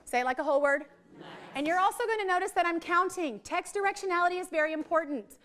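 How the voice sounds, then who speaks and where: Lively high-voiced woman trainer. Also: quick pace. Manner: lively, chatty, teacherly. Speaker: literacy trainer. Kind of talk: teacher training workshop. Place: training room with a group.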